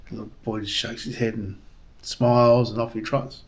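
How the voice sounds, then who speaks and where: A man's voice: mid-range voice, little pitch movement, fairly quick. A man hosting a travel vlog, chatting casually and rambling with lots of ums and uhs, then telling a joke. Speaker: vlog host.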